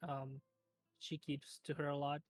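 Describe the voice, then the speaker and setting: A man plays his character at a tabletop game, asking practical questions. His voice sits a little high, the recording is dry, and faint music plays behind him. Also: completely flat delivery, measured pace, dry recording. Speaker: player.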